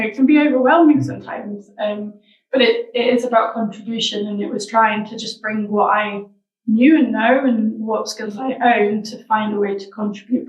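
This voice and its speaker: A woman's voice: on the high side, muffled recording. A woman being interviewed about her wellbeing social enterprise, talking reflectively and searching for her words. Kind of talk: casual interview chat. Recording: roomy sound, mic at a distance.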